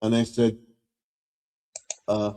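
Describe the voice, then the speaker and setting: A man's voice: on the low side, completely flat delivery, slow pace, mellow. A man chatting on a casual live stream, telling rambling anecdotes and often murmuring agreement. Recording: voice with long reverb.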